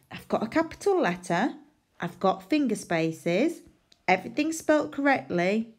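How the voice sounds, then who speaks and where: A woman teaching a phonics lesson to small children, her pitch bouncing high and low as she sounds out each letter. She speaks slowly and deliberately and pretends to make mistakes so the children can correct her. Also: very animated. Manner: sounds out letters, makes playful mistakes on purpose. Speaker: primary school teacher.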